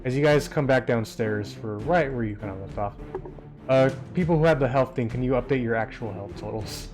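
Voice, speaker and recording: A man's voice: medium pitch, fairly quick. A man running a tabletop game as game master, describing scenes in a loose, rambling way with many hesitations. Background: soft background music.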